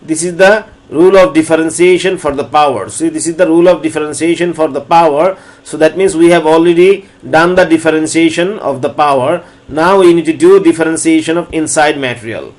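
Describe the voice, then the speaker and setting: Man explaining calculus, repeating steps. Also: a little high. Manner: repeats steps slowly, restarts phrases. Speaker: lecturer. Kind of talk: recorded math lecture.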